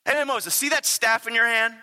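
A man's voice: very high voice, steady tone, normal speed, bright, forceful tone, in a large hall, pitched above the performer's own voice, exaggerated voice. A man voicing God as a patient, fatherly deity who coaxes and instructs emphatically. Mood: coaxing.

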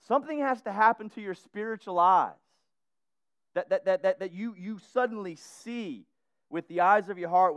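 A man preaching a sermon in a casual, animated way, full of slang and repetitions. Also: high-pitched, no room sound, highs cut off.

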